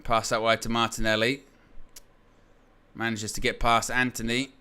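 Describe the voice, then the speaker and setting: A man's voice: medium pitch, little pitch movement, normal speed, sharp tone, clear, resonant tone. A man hosting a fan watchalong of a football match, swearing, laughing and ranting at the referees.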